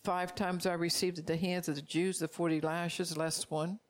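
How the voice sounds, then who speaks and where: A woman's voice: fairly low pitch, little pitch movement, normal speed. A woman preaching a sermon, repeating phrases for emphasis and reading scripture aloud as she urges her listeners directly.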